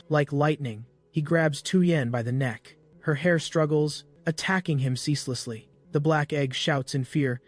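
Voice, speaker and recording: A man narrating a comic recap in a brisk storytelling voice with small slips. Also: fairly high pitch, faint music behind.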